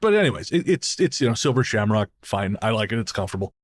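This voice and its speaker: Speaking quickly and with great animation, this Canadian podcast co-host has a voice on the low side. He keeps things casual, trading stories, laughing and now and then swearing.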